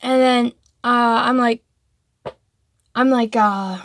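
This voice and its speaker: Woman, casual rambling story, slightly high voice, dry close sound. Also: fairly even intonation, slow, dry recording. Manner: rambling, full of "like" and restarts.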